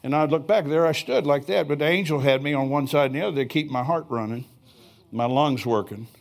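A man's voice: fairly high pitch, a little fast, creaky. Folksy older preacher man. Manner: folksy storytelling, chuckling asides. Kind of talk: sermon. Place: church sanctuary.

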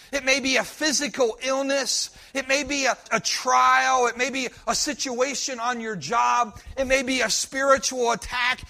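Male pastor, emphatic sermon delivery, high and tense-edged voice. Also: pushed and bright. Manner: emphatic preaching, repeats promises with rising force.

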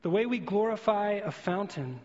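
A man's voice: high voice, lively intonation, normal speed, a little mellow. A man preaching a sermon in a church hall, earnestly building his points through vivid everyday illustrations. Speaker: pastor. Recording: long hall reverb, dull lo-fi sound.

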